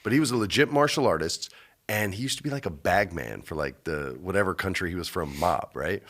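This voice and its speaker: A man hosting a casual podcast, telling stories with lots of animation and slipping into the voices of the people in them. His voice is bright, and his pitch moves around a lot. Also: lively intonation, brisk. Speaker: podcast host. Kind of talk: casual chat.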